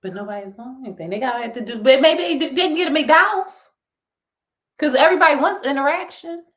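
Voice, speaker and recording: Animated ranting woman with a Philly accent. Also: sits high, fast. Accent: Philadelphia. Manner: animated, preachy, laughs often. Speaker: podcast co-host. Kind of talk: casual ranting chat.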